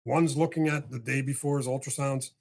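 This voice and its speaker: An older man with a husky, slightly breathy voice tells a story as a podcast guest. He is animated and acts out each line of dialogue, with casual swearing. His pitch sits in a middle range for a man. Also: moderate pace.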